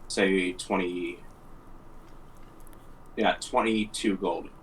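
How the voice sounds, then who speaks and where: Lower-voiced man with dry remarks. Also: steady tone, drawn-out words, a little hiss or hum, poor audio. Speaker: tabletop game player. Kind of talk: casual game talk.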